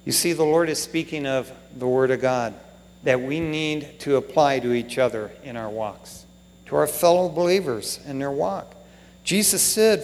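A man's voice: on the high side, animated, moderate pace. A middle-aged man preaching a sermon as pastor, folksy and emotional, with "man" and "you know" all through his talk. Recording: long hall reverb.

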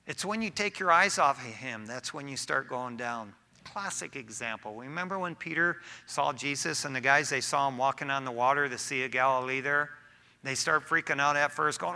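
Male pastor, casual and animated sermon delivery, very bright, slightly high voice. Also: normal speed. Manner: casual, animated preaching with frequent "man".

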